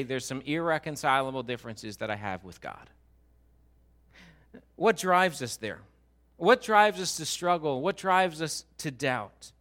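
Bright-voiced pastor preaching casually. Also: male voice, high voice. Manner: conversational, joking with the congregation. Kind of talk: sermon. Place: church.

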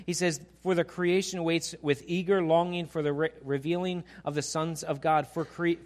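Guy preaching, bit high voice, animated, asks the crowd questions. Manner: animated preaching, rising to emphatic peaks. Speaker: pastor. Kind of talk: sermon.

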